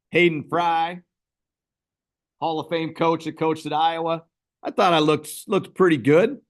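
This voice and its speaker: A man hosting a casual fantasy football league recap, rambling and self-deprecating. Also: mid-range voice.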